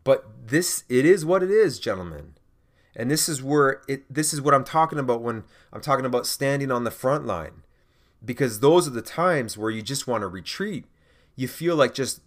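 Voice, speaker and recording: A man hosting a faith podcast, speaking earnestly and urging listeners he calls gentlemen. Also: medium pitch, lively intonation, moderate pace. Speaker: podcast host. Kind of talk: exhorting faith podcast monologue.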